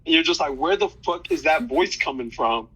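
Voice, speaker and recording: A man's voice: a little high, lively intonation, a little fast, bright, forceful tone, slightly rough, rough recording. A man in his thirties, a fighter talking loosely in an interview, slangy, with many restarts. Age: 30s. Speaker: fighter guest. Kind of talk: casual interview chat.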